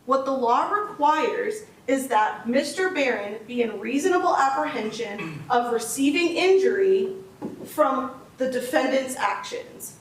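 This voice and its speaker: A woman's voice: high-pitched, animated, measured pace, slight background noise. A woman prosecutor giving a closing argument to a jury, explaining the law step by step with emphasis. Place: courtroom. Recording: echoey courtroom audio from a distance.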